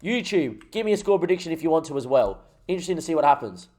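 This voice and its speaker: A young Australian man streaming a football management game, commentating the match live and getting excited at goals while talking to his chat. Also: fairly high pitch, fast. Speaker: gaming streamer.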